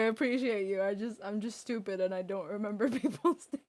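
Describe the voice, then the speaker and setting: A woman's voice: medium pitch, fairly quick, a little mellow, dry recording. A woman streamer in casual chat who talks through a voice changer filter, giggling often and rambling in a self-deprecating way.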